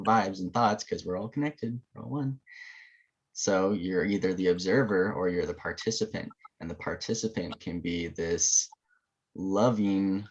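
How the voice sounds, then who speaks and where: Man podcast co-host, very low voice, reflective casual talk, dull lo-fi audio. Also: husky. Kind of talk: casual spiritual chat.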